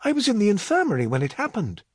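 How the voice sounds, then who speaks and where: A man narrating a storybook voices a caring young woman who soothes a frightened child gently but firmly. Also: mid-range voice, huge pitch swings, fast, slightly rough, no echo, pitched above the performer's own voice. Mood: urgent.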